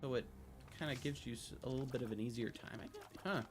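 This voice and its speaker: A young man streaming a video game live, thinking out loud, getting excited and swearing freely as he plays. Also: mid-range voice, fast, noisy background. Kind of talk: live gameplay commentary. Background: game music.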